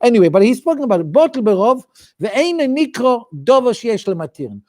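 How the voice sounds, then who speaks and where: A man's voice: extremely high pitch, sing-song, a little fast, darkish tone. A man with a Yiddish-inflected English accent, a rabbi teaching a weekly study class in a chanting cadence, often restarting his sentences. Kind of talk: Talmudic study lecture.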